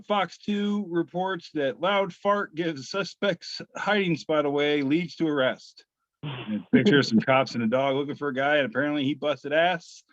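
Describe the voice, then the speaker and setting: A man's voice: a little high, a bit bright, no echo. A man co-hosting a casual podcast, reading memes aloud with lots of fillers and restarts. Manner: halting, many fillers and restarts. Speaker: podcast co-host. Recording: dry, slightly muffled podcast audio.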